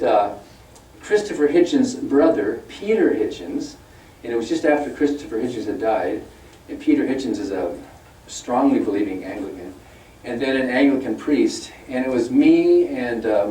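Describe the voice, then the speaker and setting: A man giving a public talk in a conversational tone, turning animated when he quotes his opponents. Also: medium pitch. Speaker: guest speaker. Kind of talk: public lecture. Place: lecture room. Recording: echoey hall, mic from a distance.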